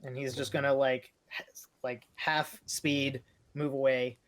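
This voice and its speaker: A man's voice: mid-range voice, little pitch movement, unhurried. A man playing a character in a tabletop game, loose and joking, acting out his character's lines. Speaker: player. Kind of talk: casual tabletop role-play.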